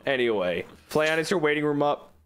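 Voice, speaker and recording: A man's voice: on the high side, lively intonation, fairly quick, fairly bright tone, clean tone, faint music behind. A man hosting a casual chat stream, playful and mock-boastful, swearing freely. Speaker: stream host.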